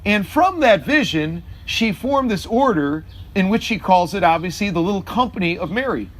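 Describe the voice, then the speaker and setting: Middle-aged priest, high voice, halting homily delivery with frequent fillers. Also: male voice, expressive. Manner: halting, many filler sounds.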